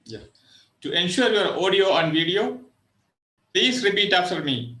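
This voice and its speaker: Man, contest announcer, high bright voice, slow and formal, roomy call audio. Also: expressive. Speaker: contest official. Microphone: video call.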